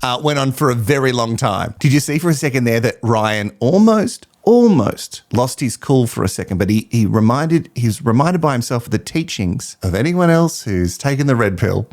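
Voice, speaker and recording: A man hosting a casual reality TV recap, sarcastic and quick to laugh. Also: medium pitch. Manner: sarcastic, laughs often, animated. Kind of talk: casual reaction commentary.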